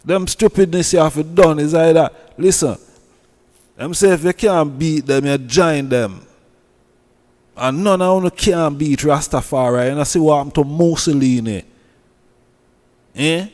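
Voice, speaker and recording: A man's voice: on the high side, unhurried, long pauses, darkish tone, in a large hall. A man with a Jamaican accent who scolds and preaches in a heated commentary rant, repeating himself. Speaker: online commentator.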